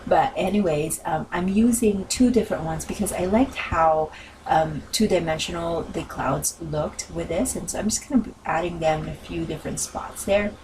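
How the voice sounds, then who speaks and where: A woman's voice: on the low side, moderate pace, darkish tone, distant mic, slight background noise, rough recording. A woman narrating a crafting video in a casual voice-over, rambling with many ums and self-corrections, her voice worn from talking. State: losing her voice.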